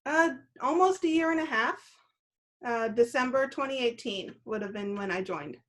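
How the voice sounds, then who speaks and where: A woman's voice: a little high, expressive, moderate pace. A woman in her thirties, a guest on an interview show, answering in an easygoing way with frequent "uh" and "um". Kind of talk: casual interview.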